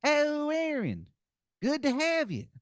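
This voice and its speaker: A man's voice: extremely high pitch, huge pitch swings, takes it slowly, no room sound, clean studio sound, pitched above the performer's own voice, exaggerated voice. A man voicing a wizard cab driver in a bad, exaggerated Philadelphia accent, talking with his mouth full. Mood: pushy. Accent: put-on exaggerated Philadelphia accent.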